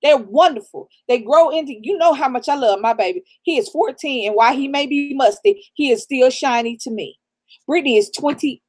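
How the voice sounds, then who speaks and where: A high-pitched woman talks a little fast. She's a middle-aged co-host of a casual live stream who grew up in the American South, and she laughs while giving blunt, profane, preachy real talk as advice.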